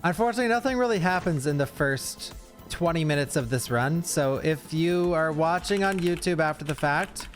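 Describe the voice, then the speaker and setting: A man's voice: fairly high pitch, lively intonation, soft background music. A young man streaming, chatting casually through a reaction to a speedrun with lots of fillers. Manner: chatty, fast asides, frequent fillers.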